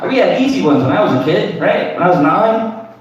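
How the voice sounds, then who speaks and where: A man's voice: high-pitched, big pitch swings, fairly quick, dull audio, a little hiss or hum. Man doing rambling crude stand-up. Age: 30s. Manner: crude, rambling, tags lines with "right?". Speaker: stand-up comedian. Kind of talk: open mic stand-up. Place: comedy club stage. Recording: echoey room from far off.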